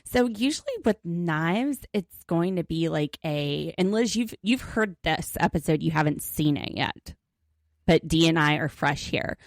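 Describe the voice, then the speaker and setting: A woman's voice: sits low, animated, a little slow, dry recording, studio quality. A young woman from Pennsylvania co-hosting a podcast, chatty and giggly as she recaps an episode in casual chat. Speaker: podcast co-host.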